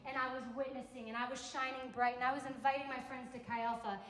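A young adult woman preaching a sermon to a campus ministry gathering, in a conversational, animated way that acts out little quotes. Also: high-pitched, fast. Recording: echoey hall with long reverb.

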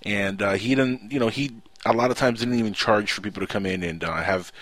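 Halting man hosting live radio. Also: on the low side, a bit bright, dry recording. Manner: halting, many fillers and restarts. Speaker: radio show host. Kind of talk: casual live radio talk.

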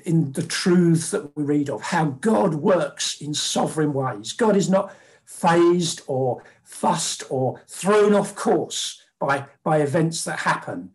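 A man's voice: a little high, a little mellow. A man preaching a sermon in a conversational way, with fillers and acted-out quotes.

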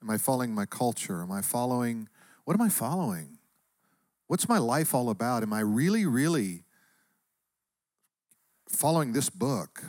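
A man's voice: mid-range voice, big pitch swings, moderate pace, long pauses, darkish tone, no echo, clean studio sound. A man preaching a sermon, reflective and asking searching questions of his listeners. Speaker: pastor.

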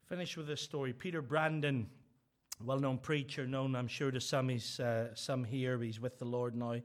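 Man, preacher, sermon, lively storyteller. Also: a little high. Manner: storytelling, animated, acting out quoted voices.

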